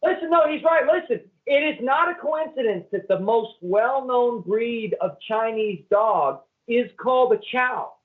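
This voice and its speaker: A man joining a comedy podcast with mock-serious, deadpan joke bits. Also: extremely high pitch, measured pace, few pauses. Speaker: podcast co-host. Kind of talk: casual comedic chat. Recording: thin phone-like sound.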